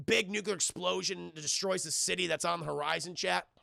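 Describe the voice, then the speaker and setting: A young man casually recapping a film on a live stream, animated and profane, constantly addressing chat. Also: high voice, brisk, creaky, no room sound, clean studio sound.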